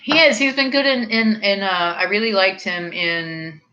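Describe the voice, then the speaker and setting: A woman in her thirties, slightly tipsy, chatting casually with her viewers and rambling off into animated tangents. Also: mid-range voice, moderate pace, lo-fi sound. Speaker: streamer hosting a snack review.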